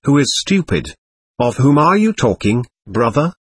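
A man voicing a gentle, anxious young man who speaks in a soothing, worried way, with a husky voice. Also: medium pitch, big pitch swings, measured pace, no echo.

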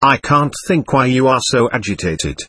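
A man's voice: mid-range voice, lively intonation, moderate pace, pushed and bright, husky. A man reading the lines of a mocking, sarcastic old male buffoon in a storybook reading. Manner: sarcastic, teasing.

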